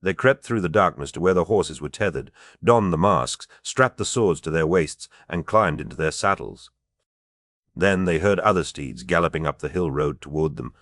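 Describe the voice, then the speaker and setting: A man reading an audiobook as narrator, steady and measured. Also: sits low, no echo, clean studio sound. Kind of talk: scripted narration.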